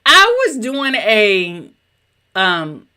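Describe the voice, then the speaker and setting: A woman with a Southern US accent, a business coach in her home office, teaching in a chatty, animated way straight to her viewers over a webcam mic. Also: extremely slow, clean tone. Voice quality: a little high-pitched. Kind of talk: live-streamed teaching presentation.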